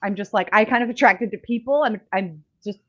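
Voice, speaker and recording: A woman's voice: mid-range voice, a bit bright. Woman, podcast co-host, casual chat, candid, laughs easily, lo-fi sound. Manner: candid and laughing, with quick reactions.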